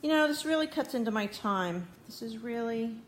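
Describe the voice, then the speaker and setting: A woman's voice: on the high side, expressive, moderate pace, a little hiss or hum. A woman hosting a live cooking stream from her home kitchen, muttering and fretting to her viewers while she struggles to fix her camera. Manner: flustered, muttering to herself while fixing camera. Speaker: cooking show host. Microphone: phone or tablet camera mic.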